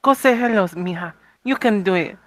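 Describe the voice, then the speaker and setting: A woman's voice: medium pitch, moderate pace, dry recording, close to an everyday voice. A woman voicing a teasing, formal Spanish woman at a night court, with a Spanish accent and slightly broken phrasing. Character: warm, teasing Spanish woman, old-world vampire courtier.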